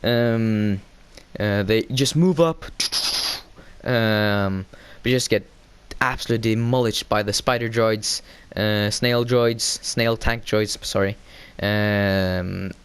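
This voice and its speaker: A man casually recapping a show episode. He hesitates a lot, fills pauses with "uh" and "um", corrects himself, and gets excitable as he retells the scenes. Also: fairly low pitch, clean tone. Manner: hesitant, heavy fillers and self-corrections.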